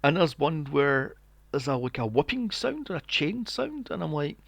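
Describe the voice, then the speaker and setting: Podcast host, male, slightly high and very animated delivery, mocking and profane. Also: normal speed, creaky, no room sound. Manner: animated, acts out scenes in mocking voices, swears often. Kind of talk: casual movie review chat.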